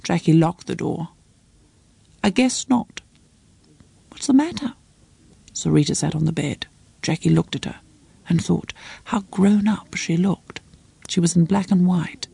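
Husky woman reading a story. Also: fairly low pitch, level tone, dark tone, dry recording. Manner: measured, close storytelling read. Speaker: audiobook narrator. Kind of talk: scripted narration.

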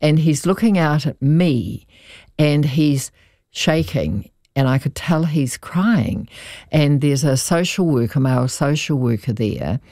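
A lawyer telling a client's story in an interview, in an earnest, measured way with emphatic repeats. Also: medium pitch, lively intonation, darkish tone, no room sound, studio quality.

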